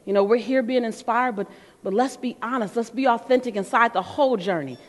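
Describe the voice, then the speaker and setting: A woman giving a motivational speech to a live audience, telling her story in an animated, playful way and laughing between lines. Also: a little high, a little fast. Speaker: motivational speaker. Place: large hall before an audience. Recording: long reverb of a large hall.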